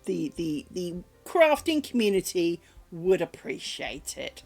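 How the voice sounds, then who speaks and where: A woman's voice: lowish voice, big pitch swings, slow, gravelly, hardly any pauses, a little mellow, soft background music. A middle-aged British woman streaming from home, chatting casually while she crafts, rambling along with dry humour and plenty of swearing.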